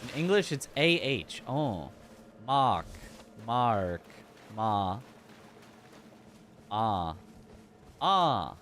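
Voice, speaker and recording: Lively young male game streamer. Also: medium pitch, extremely slow, long pauses, a little hiss or hum. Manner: chatty, laughs often, muses on pronunciations aloud. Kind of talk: casual livestream chat while gaming.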